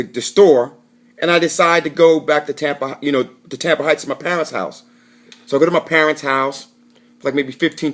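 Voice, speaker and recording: A man's voice: a little high, fairly bright tone. A man telling a rambling, profane story straight to camera in a casual vlog, often correcting himself as he goes. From Florida. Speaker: vlogger.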